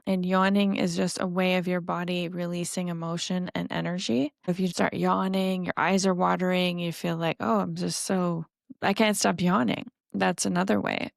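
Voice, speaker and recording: A woman's voice: on the low side, vocal fry, no echo, studio quality. A woman in her forties, a dating coach, explaining techniques in an earnest, encouraging podcast monologue.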